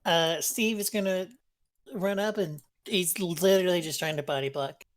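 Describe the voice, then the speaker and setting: A woman's voice: fairly low pitch, moderate pace. Woman casually running a tabletop game. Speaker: game master. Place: home streaming setup.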